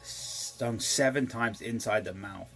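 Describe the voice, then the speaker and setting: A man co-hosting a casual chat, telling rambling family stories with deadpan jokes. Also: fairly low pitch, takes it slowly, faint music behind. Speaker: podcast co-host.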